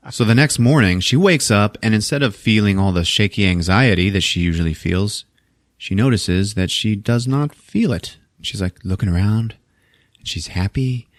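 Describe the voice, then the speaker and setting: A man's voice: lowish voice, moderate pace, dry recording, clean studio sound. A man hosting a podcast, recapping a movie in a crude, laughing, casual way. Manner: crude, laughing, animated storyteller. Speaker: podcast host.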